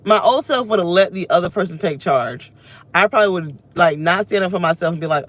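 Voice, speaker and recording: A woman in her thirties, a vlogger, sits in her car and vents to the camera in an emotional, rambling, self-reflective rant. Her voice is fairly low, animated, and fairly quick.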